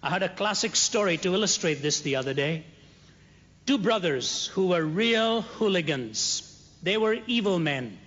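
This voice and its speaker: A man preaching, telling a humorous story in a measured, dry-humored way. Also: sits high, animated, a bit bright, slight background noise. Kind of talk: sermon storytelling. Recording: dull, reverberant hall.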